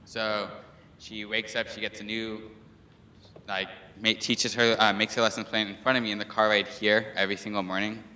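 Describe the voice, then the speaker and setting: A man's voice: on the low side, flat delivery, moderate pace, sharp tone, slight background noise. A teenage male student on a panel, talking in an easygoing way with frequent laughs. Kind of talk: casual panel answer. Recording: echoey room.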